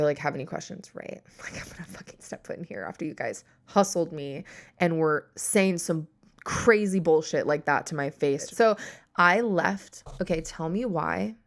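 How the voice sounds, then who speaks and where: A woman's voice: low-pitched, moderate pace. Sarcastic woman ranting to a podcast mic. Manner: exasperated, sarcastic, swears freely, acts out both sides of a conversation. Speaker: podcast host. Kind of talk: casual storytelling rant.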